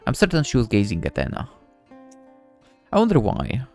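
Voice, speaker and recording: Narrating a visual novel as its male lead, this let's-play host reads wryly and with lively energy, dropping in joking asides. His mid-range voice moves at a normal speed, with faint music playing behind him.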